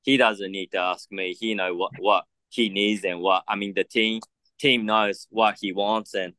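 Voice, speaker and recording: A man's voice: fairly low pitch, steady tone, unhurried, sharp tone, no room sound. A middle-aged Japanese man with an Australian accent, chatting loosely in an interview and filling gaps with lots of "you know". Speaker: motocross test rider. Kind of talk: casual interview chat.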